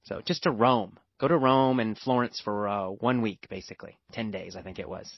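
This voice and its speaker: A man's voice: fairly low pitch, moderate pace, gravelly, no echo. An American man teaching a language lesson through a personal story, emphatic and repeating words for stress. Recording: dull lo-fi dry recording.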